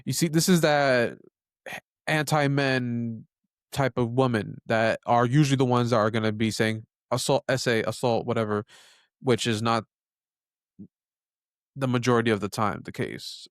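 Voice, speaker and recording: A man's voice: mid-range voice, steady tone, measured pace, long pauses, clear, resonant tone, no echo, studio quality. A man hosting a reaction commentary video, talking in a casual, opinionated way and often breaking off to remark on the clips. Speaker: commentary host.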